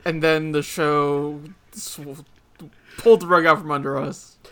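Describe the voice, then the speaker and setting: A man from California co-hosting a casual podcast chat, laughing often and telling stories quickly. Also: fairly high pitch, fairly even intonation, a bit bright. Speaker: podcast co-host.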